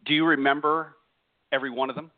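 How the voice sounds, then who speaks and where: Halting male radio host, phone-thin sound. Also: on the high side, little pitch movement, dry recording. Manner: loose and halting, full of restarts and apologies. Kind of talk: hosting a radio interview. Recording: tinny phone-quality line.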